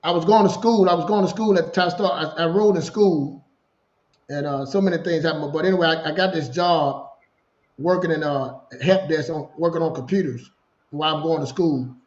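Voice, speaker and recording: Man, 40s, guest on a call, animated storyteller, slightly high voice, echoey dull line. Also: brisk. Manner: animated, repeats himself, acts out dialogue. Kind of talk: casual storytelling. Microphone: video call. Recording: lo-fi roomy video call.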